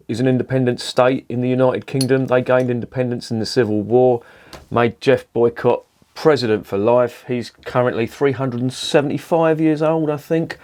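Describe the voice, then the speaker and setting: A man's voice: mid-range voice, a little mellow. Sweary beer reviewer man. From southern England. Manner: sweary, rambling and jokey. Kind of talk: casual beer review vlog.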